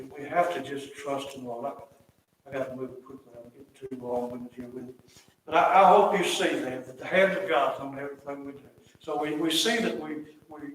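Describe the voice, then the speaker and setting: Folksy preacher in an echoey church. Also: male voice, on the high side, slight background noise. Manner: folksy, builds to loud emphatic repetition. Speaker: pastor. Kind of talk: sermon. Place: church sanctuary. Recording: echoey church hall, mic at a distance.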